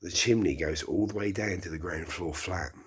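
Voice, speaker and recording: A middle-aged man hosting a solo early-morning podcast from his flat, talking in a slow, rambling, reflective way with sighs. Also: low-pitched, breathy edge. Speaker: podcast host. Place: small flat indoors.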